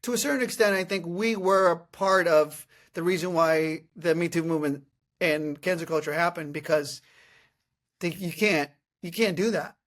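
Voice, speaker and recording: A man in his thirties hosting a podcast, telling comic stories in a casual, animated way and often laughing. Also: on the high side, normal speed. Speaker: podcast host. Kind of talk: casual comedic storytelling.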